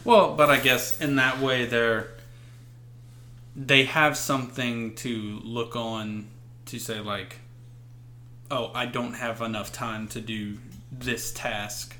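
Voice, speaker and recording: Bright-voiced, rambling man on a podcast. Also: medium pitch, steady tone, slow pace, pauses often, slight background noise. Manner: rambling, hesitant, easygoing. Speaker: podcast co-host. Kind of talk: casual chat.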